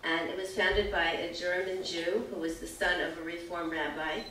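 Bright older woman speaking in an echoey hall. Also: fairly low pitch, flat delivery, normal speed, slight background noise. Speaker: speaker at a community evening, wife of the first speaker. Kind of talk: personal storytelling talk. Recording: echoey hall, far from the mic.

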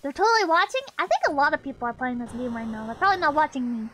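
A woman's voice: high voice, lively intonation, rapid-fire, a bit bright. A woman streamer giving casual, brash game commentary, swearing often and laughing a lot.

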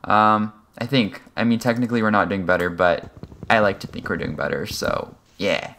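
A young man giving casual, rambling commentary over a game he is playing, excitable and self-mocking, with sudden high yelps when startled. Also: normal speed, a little hiss or hum. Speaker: gaming channel host.

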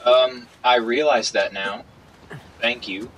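A man's voice: mid-range voice, steady tone, slow pace, a bit bright. A man trading dry, teasing remarks while playing a video game with a friend. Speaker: gaming commentator. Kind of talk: let's play commentary. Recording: distant mic with faint noise.

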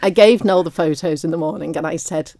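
A woman's voice: sits low, a little fast, no echo. Woman, 50s or older, radio guest, emotional, tearful laughter, dry studio mic. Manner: warm, tearful, laughs often. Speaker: radio guest, raffle prize winner.

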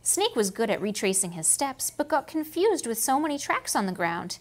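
Canadian woman educator, fairly high, very lively, reads storybook to preschoolers. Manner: slow, sing-song, asks kids questions. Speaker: museum children's educator. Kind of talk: storybook reading and lesson for small kids.

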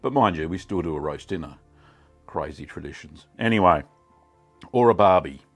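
A middle-aged Australian man hosting a casual cooking vlog, chatty and relaxed with many ums. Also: deep voice, moderate pace, husky, soft background music. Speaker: cheesemaking channel host.

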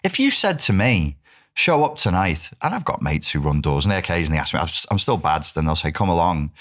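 British guy in his 40s, real low voice, lively storyteller, swears a lot. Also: quick pace. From United Kingdom. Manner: animated storyteller, swears freely, acts out quotes. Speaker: guest. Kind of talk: casual interview talk.

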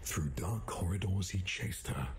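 A man voicing an eerie storybook narrator for a horror game, in whispered storybook narration with a hushed, breathy tone. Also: sits low, unhurried, heavy background noise.

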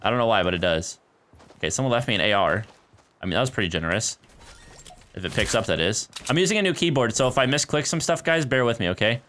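A male streamer talks through a shooter game in a bouncy, swooping voice of middling pitch. He is chatty and easily excited, laughing often and tossing out "dude" and "guys" as he plays at his home setup on a desk microphone. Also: fast talker, slight background noise. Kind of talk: casual live gameplay commentary. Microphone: desk microphone near a keyboard.

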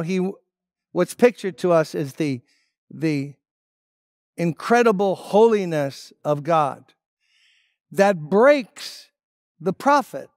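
A man preaching a sermon as pastor, emphatic, dropping to hushed tones and rising on key words. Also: sits high, no echo, clean studio sound. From United States.

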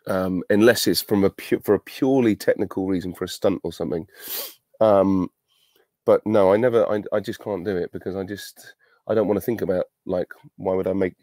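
A man's voice: low voice, fairly even intonation, fairly quick, mellow, no room sound, studio quality. A middle-aged man, an actor, answering fan questions on a virtual panel, chatty and self-deprecating, thinking aloud as he goes.

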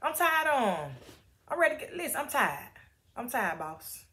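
A woman's voice: sits high, very animated, moderate pace, bright, forceful tone, pitched above the performer's own voice, full character voice. A woman voicing a weary male prophet who complains in casual slang, exasperated and drawling.

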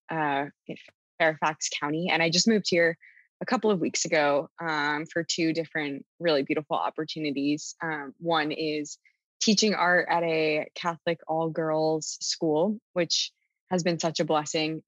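A young woman guest on a podcast, speaking with a notably low voice. She sounds dry and close, and talks earnestly with frequent ums. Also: fairly bright tone, dry recording, rough recording. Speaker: podcast guest, painter and art teacher. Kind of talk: casual interview.

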